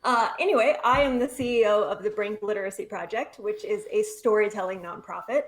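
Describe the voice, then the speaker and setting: A young woman who runs a nonprofit, a guest in an online interview, talking brisk and candid and swearing casually. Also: mid-range voice.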